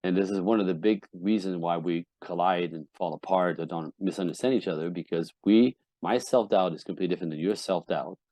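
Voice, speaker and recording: A man's voice: low voice, a little fast, hardly any pauses, warm tone, no room sound. A man on a podcast as a relationship coach guest, speaking bluntly and emphatically, swearing often and acting out quoted partners. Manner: acts out quoted voices of wives and husbands. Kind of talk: candid podcast interview.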